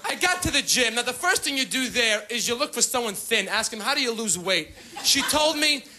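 A man doing a stand-up comedy routine on a club stage, brash and shouting his punchlines. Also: extremely high pitch. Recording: live club with crowd and music.

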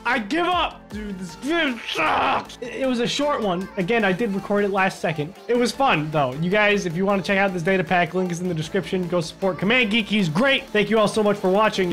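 A young man commentating a video game let's play in an excitable voice, jumping between loud outbursts and low mutters and complaining in a joking way. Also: fast, few pauses, faint music behind. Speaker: gaming YouTuber.

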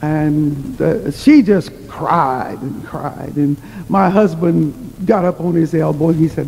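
A woman's voice: low-pitched, slow pace, vocal fry, hardly any pauses, dark tone, muffled recording, a little hiss or hum. A woman preacher telling a humorous story in a sermon, chatty and self-mocking, often laughing at herself. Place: church hall. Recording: long reverb in a large hall.

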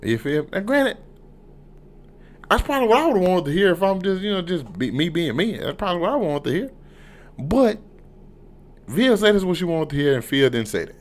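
A man's voice: sits high, sing-song, fairly quick, pauses often. A man casually reviewing a TV episode, talking loosely and profanely, and leaning on "you know what I'm saying". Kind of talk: casual unscripted review vlog.

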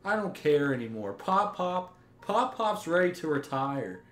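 A man's voice: a little high, big pitch swings, unhurried. A young man giving gameplay commentary, ranting in exasperation, swearing and restarting his sentences. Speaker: gaming YouTuber. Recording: roomy echo with faint music.

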